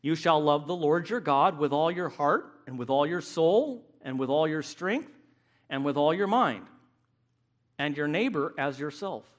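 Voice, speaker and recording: A man preaching a sermon, emphatic and animated, acting out the voices he quotes. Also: on the high side, measured pace.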